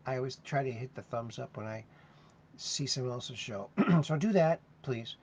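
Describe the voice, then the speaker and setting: A man's voice: medium pitch, normal speed, a little mellow, breathy edge. A man hosting a casual livestream, chatting and reading viewer comments aloud in a sing-song voice. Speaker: host. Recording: dull lo-fi sound with faint noise.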